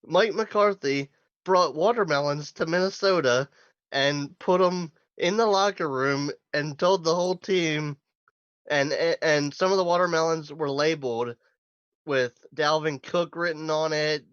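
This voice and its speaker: Higher-voiced man on a dull, lo-fi line. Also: unhurried, fairly bright tone, dry recording. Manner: hesitant, wry, with fillers and self-corrections. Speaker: sports podcast co-host. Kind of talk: casual sports chat.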